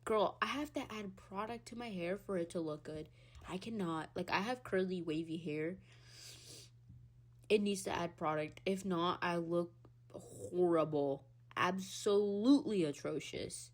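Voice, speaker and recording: Speaking at a moderate pace, a young Hispanic woman hosts her own podcast and rants casually by herself. She's animated, swears freely and laughs often, her voice swinging widely between loud squeals and low mutters.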